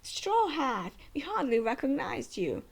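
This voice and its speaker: A woman's voice: high voice, big pitch swings, a little slow, gravelly, breathy edge, voice pushed up, exaggerated voice. A woman voicing hearty old male giants as she reads a comic aloud, keeping close to her own voice.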